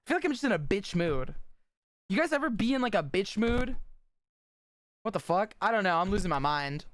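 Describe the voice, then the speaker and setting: Woman, livestreamer, casual chat with viewers, blunt, swears a lot, rambling, desk mic, mid-pitched voice, dry close sound. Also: big pitch swings, brisk, no room sound.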